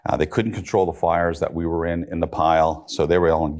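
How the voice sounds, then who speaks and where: Very deep-voiced middle-aged man. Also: level tone, quick pace, a little mellow. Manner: matter-of-fact storytelling with dry humor. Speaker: rescue police officer, panelist. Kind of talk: recounting a rescue on a panel.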